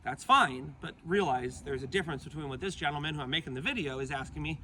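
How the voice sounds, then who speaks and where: A man's voice: fairly high pitch, fast, few pauses, sharp tone, a little hiss or hum. A man who trains dogs explains training to the camera outdoors, upbeat and full of praise for the dog.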